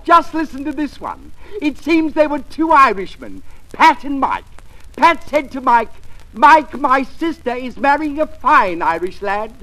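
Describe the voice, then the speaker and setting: An actor playing a pompous comedian who tells corny puns, in 1940s radio comedy style. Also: male voice, very high voice, very animated, a little slow, bright, forceful tone, heavily acted. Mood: hammy. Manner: pompous, delivers puns with flourish. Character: corny pun-telling male comedian Heathcliff. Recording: noisy old radio broadcast.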